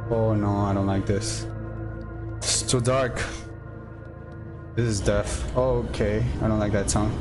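A gameplay streamer plays a horror game, talking to himself and the creatures in jumpy, nervous let's-play commentary. His voice is lowish and slow, with long pauses and music playing behind him.

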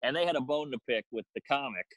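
A man's voice: mid-range voice, fast talker, fairly bright tone, no echo, low-quality recording. A man, a comedian, telling a profane story in a casual chat, acting out the quotes with energy. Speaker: comedian guest.

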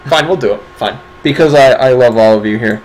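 A man's voice: medium pitch, fairly quick, darkish tone, slight background noise, low-quality recording. A man hosting a casual livestream awards segment, talking in a wry, sarcastic, rambling way. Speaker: stream host presenting community awards.

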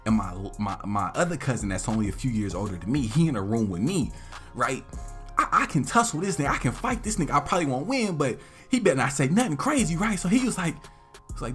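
A young man casually telling a funny story to his viewers, slangy and animated, acting out relatives in loud, high voices. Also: quick pace, soft background music. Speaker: vlog host telling a story.

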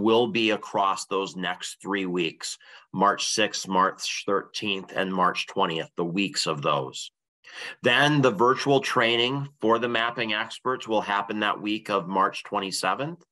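A man with a low but bright, forward voice co-hosts an informational briefing. He puts questions to his colleague and lays out dates and next steps in a clear, orderly way. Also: low-quality recording. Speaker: co-host and interviewer.

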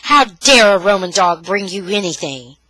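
A woman voicing an angry young man who speaks in a harsh, low, clipped way to his sister. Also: moderate pace, pushed and bright, dry recording, poor audio. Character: young man, hot-tempered, harsh brother.

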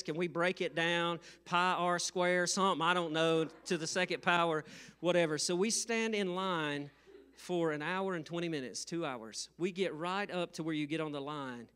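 High, smooth-voiced man preaching a sermon. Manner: humorous, laughing often, rising to loud emphatic bursts. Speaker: pastor. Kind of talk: sermon with storytelling. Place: church sanctuary.

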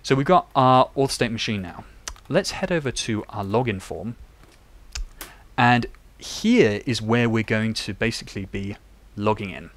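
A man's voice: on the low side, measured pace, fairly bright tone. A young man chatting and thinking aloud while he codes live on stream. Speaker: developer live-coding on stream. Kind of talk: live coding tutorial.

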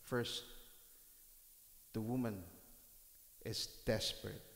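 A male pastor delivering a sermon, reading scripture aloud and breaking into dramatic shouted reenactments. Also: lowish voice, steady tone, slow, vocal fry. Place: church hall. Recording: roomy church hall with long reverb.

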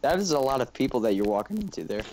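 A man's voice: medium pitch, big pitch swings, racing, a little mellow, slight background noise. Man rambling in casual stream chat. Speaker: friend on a gameplay stream.

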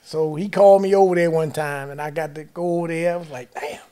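A man telling a long story in casual chat, animated and profane, acting out what other people said. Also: on the high side, fast, a little hiss or hum. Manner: animated, profane storytelling, acts out quoted dialogue. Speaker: guest storyteller.

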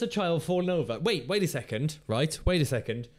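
Reacting to videos on his own channel, an adult father of a teen rambles casually, cracking jokes and swearing playfully. He speaks briskly, with a voice on the high side and lively intonation.

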